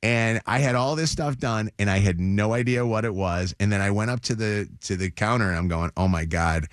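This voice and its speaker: Low-voiced man hosting morning radio. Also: a little fast, clean tone, no echo, studio quality. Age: middle-aged. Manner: animated storyteller. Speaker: radio show host. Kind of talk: casual morning radio chat. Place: radio studio.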